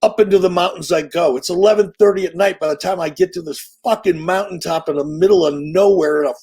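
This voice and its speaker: A middle-aged man telling an animated, profane, salesman-like story as an interview guest. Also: high voice, quick pace, breathy edge. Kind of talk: casual storytelling.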